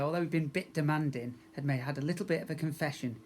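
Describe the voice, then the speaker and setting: Man, teacher, reading aloud to young kids, expressive, friendly, plays up the sound effects. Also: a little high, fast, few pauses, a little hiss or hum. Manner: friendly, addresses young children directly. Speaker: primary school teacher. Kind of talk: reading a children's story aloud.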